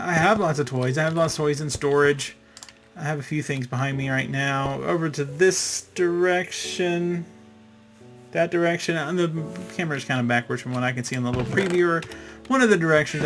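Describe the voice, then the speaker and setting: Chatty gravelly man playing a game. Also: fairly high pitch, fairly bright tone. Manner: rambling and chatty, with fillers and little sound effects. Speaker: gaming channel host. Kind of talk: casual let's-play commentary.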